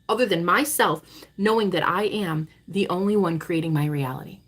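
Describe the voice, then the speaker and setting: A woman in her thirties, a spiritual coach, talking to her vlog viewers in a dramatic, swearing monologue that swings between loud declarations and hushed asides. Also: on the low side, normal speed. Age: 30s.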